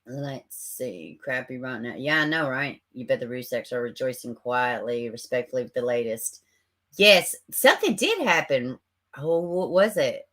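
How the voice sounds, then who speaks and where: A woman's voice: a bass voice, measured pace. A woman hosting a casual livestream, reading chat comments. She talks sarcastically and swears a lot, close to her camera at home. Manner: sarcastic, animated, swears and laughs often. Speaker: livestream host. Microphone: camera mic.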